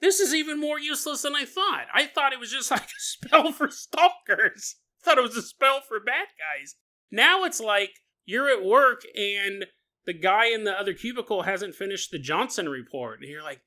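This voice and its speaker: A man's voice: high-pitched, lively intonation, moderate pace, pushed and bright. A man hosting a comedic podcast monologue, reading aloud and riffing with frequent laughs and mock-dramatic voices for imagined people. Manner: jokey, laughs often, riffs while reading aloud. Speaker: podcast host.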